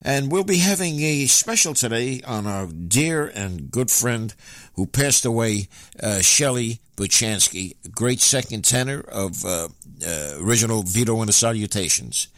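A man's voice: mid-range voice, animated, unhurried, fairly bright tone, dry recording, clean studio sound. A man hosting a radio show, announcing songs in a chatty, rambling way with many fillers and restarts.

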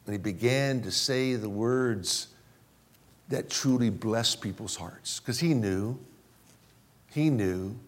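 A male pastor preaching a sermon, repeating key phrases and swinging between loud emphasis and low, slow drops. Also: expressive.

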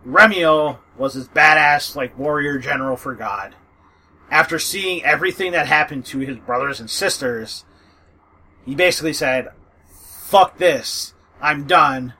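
A man's voice: fairly high pitch, lively intonation, normal speed, bright, forceful tone, slightly rough, rough recording. A man chatting casually about fantasy audiobooks, rambling with fillers, swearing and laughing often. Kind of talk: casual book recommendation chat.

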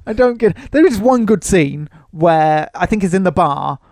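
A podcast host rambles through a film review, often laughing and restarting his sentences. His voice sits a little high with a gravelly fry. The mic is close and dry. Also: lively intonation, moderate pace, a little mellow, no echo. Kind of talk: casual film-review chat.

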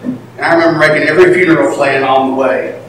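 High-voiced impassioned preacher in echoey hall. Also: male voice, fairly even intonation, fast, far from the mic, slight background noise. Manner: impassioned, swinging between shouted emphasis and hushed confession. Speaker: pastor. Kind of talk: sermon.

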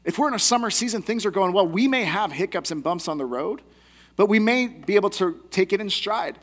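A man's voice: high-pitched, lively intonation, a little fast. A young adult man giving a sermon as a pastor, teaching in a conversational, earnest way.

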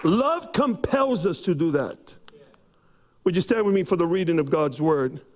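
A man preaching a sermon, telling a personal story with acted-out quotes and rising to shouts. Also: fairly high pitch, expressive, a little slow, some chatter behind, a little hiss or hum. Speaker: pastor. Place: church.

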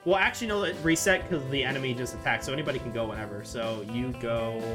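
A man's voice: medium pitch, quick pace, music in the background. A young man narrating as game master of a tabletop game, chatty and laughing often.

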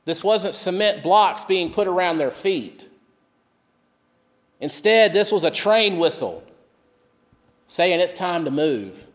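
High-voiced man preaching in a reverberant hall. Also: lively intonation, slow pace, pauses often. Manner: storytelling, dropping soft and low for quoted words. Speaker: pastor. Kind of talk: sermon. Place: church.

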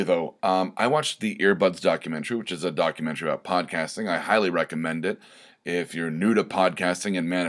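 In a casual solo monologue, a male podcast host with a deep voice rambles on, putting himself down, using lots of fillers and starting over often.

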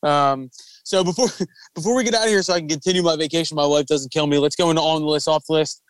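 A man's voice: a little high, fast talker, clean tone, no room sound. A man hosting a casual podcast chat, telling stories loosely with lots of swearing and laughter. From Philadelphia area. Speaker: podcast host.

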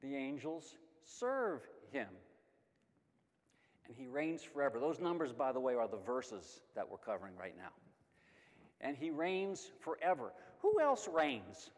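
A middle-aged man teaching a Bible lesson, emphatic and lively, asking questions and answering them himself. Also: mid-range voice, measured pace. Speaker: Sunday school teacher. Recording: long hall reverb.

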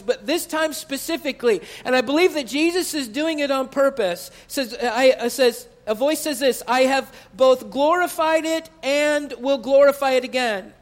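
A man delivers a sermon in a church sanctuary. His voice sits very high, and he stretches the key phrases as his preaching builds in intensity. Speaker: pastor.

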